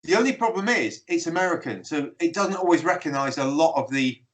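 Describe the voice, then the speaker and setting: A British musician telling stories as a guest on a video-call interview. His voice sits a touch high for a man, and he laughs his way through lively anecdotes. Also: a little fast, rough recording. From Britain. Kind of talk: casual storytelling interview.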